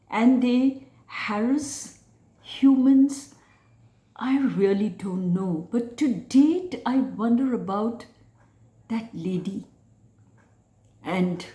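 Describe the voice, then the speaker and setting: Slow, hushed woman telling her story. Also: fairly high pitch. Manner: hushed, dropping at times to a whisper. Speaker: channel host telling her own story. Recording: roomy echo.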